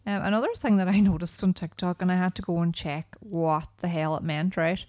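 Low-voiced rural Irish woman chatting. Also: steady tone, fairly quick, darkish tone, dry recording. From Ireland. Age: 30s. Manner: chatty, storytelling with lots of "like" and "right?". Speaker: podcast co-host. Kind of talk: casual chat.

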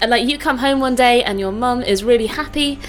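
A woman's voice: on the high side, a little fast, faint music behind. A woman co-hosting a casual comedy podcast, laughing easily as she tells a story. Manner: giggly, storytelling. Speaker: podcast co-host.

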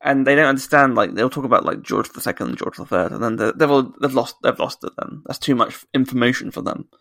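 A man's voice: medium pitch, fast, vocal fry, a bit bright, no room sound. A British man co-hosting a podcast, ranting in casual chat with lots of swearing and restarts. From United Kingdom. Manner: ranting, sweary, self-correcting. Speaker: podcast co-host.

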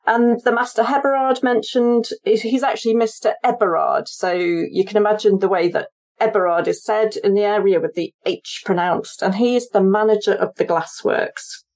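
A woman appears as a guest historian on an interview podcast. She explains her research at length and thinks aloud as she talks. Her voice sits at an ordinary mid pitch for a woman. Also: normal speed, a little mellow. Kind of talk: conversational interview.

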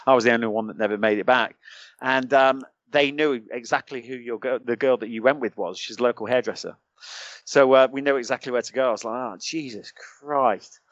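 Steady in tone and quick in pace, a mid-range British voice belongs to a middle-aged ex-soldier telling a long, colloquial story as a podcast guest and playing out others' lines. The audio is dry, a bit dull, echo-free.

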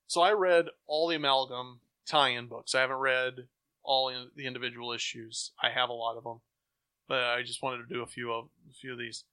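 A man's voice: mid-range voice, moderate pace, clear, resonant tone. A man co-hosting a casual chat, animatedly retelling comic stories and acting out the characters' lines. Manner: animated storyteller, acts out quotes. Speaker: comic book podcast co-host.

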